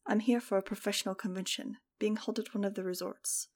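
A woman reading the part of a polite, quietly menacing male scientist villain in an audiobook. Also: mid-range voice, fairly even intonation, fairly quick, lightly acted. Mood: courteous. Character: smooth-talking male scientist villain, middle-aged.

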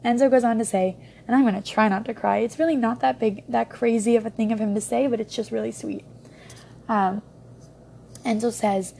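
Rambling young woman with a gravelly voice. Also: on the high side, steady tone, brisk, warm tone, slight background noise. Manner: rambling, many ums and restarts. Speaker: book reviewer. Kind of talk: casual book review.

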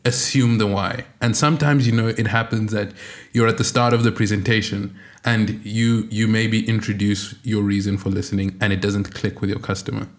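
A man hosting a podcast interview, asking a long question with hesitant pauses and fillers. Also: on the low side. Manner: hesitant, filled with "um" and "you know". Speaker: podcast host. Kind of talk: interview conversation.

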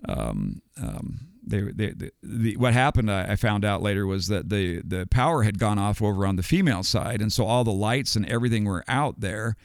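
Older man, gravelly and smooth. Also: on the low side, lively intonation, no echo, clean studio sound. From United States. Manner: halting, many ums and restarts. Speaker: guest, retired educator. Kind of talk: casual storytelling.

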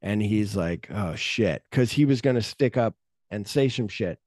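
A man's voice: lowish voice, normal speed, dark tone, no echo, clean studio sound. A middle-aged man hosting a podcast, retelling movie scenes in casual chat and swearing freely. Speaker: podcast host.

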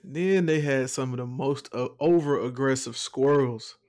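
Relaxed young man joking. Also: mid-range voice, a little slow. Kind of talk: casual storytelling chat.

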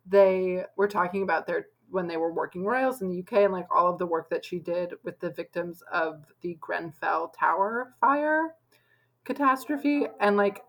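A woman's voice: on the low side, moderate pace, low-quality recording. A young woman co-hosting a podcast, chatting casually and filling her talk with lots of "like". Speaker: podcast co-host. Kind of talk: casual chat.

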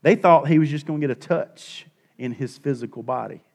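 A middle-aged male pastor preaching a sermon, swinging between hushed and loud and repeating his points for emphasis. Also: mid-range voice, a little fast, vocal fry.

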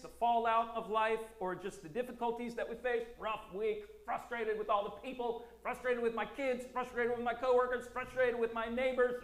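A man preaching a sermon as a pastor, earnest and emphatic, with slow, deliberate phrasing and repeated lines. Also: very high voice, fairly bright tone. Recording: roomy echo.

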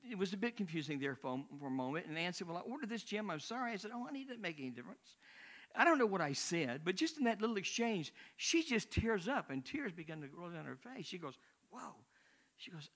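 A man's voice: sits high, a bit bright. Older man preaching, chatty and rambling. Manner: conversational, rambling with asides. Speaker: missionary preacher. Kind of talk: sermon.

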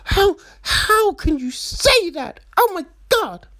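A man mimicking a sweet, naive young woman who speaks softly in an affected, breathy sing-song. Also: very high-pitched, big pitch swings, slow pace, pitched above the performer's own voice, exaggerated voice. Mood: indignant.

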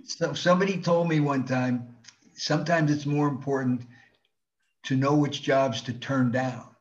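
A man's voice: medium pitch, measured pace. A man, a stand-up comedian from New Jersey, telling stories from his shows in a casual chat, acting out scenes. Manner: animated storyteller, acts out scenes with laughs. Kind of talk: casual podcast storytelling. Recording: slightly dull lo-fi sound.

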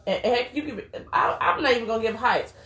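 A woman's voice: a little high, fast, sharp tone, reverberant. A woman co-hosting a casual talk show, blunt and preachy, who swears casually. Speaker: podcast co-host. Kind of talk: casual chat.

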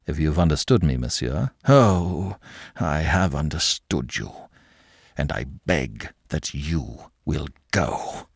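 A man's voice: very deep voice, lively intonation, slow pace, creaky, husky, no echo, studio quality, voice pushed down, exaggerated voice. A man voicing a stern, angry older uncle who speaks harshly and dismissively. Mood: curt.

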